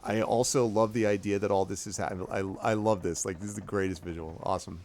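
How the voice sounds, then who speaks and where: A man's voice: fairly low pitch, steady tone, fast, a little mellow. A man narrating as dungeon master for a tabletop game, enthusiastic and rambling.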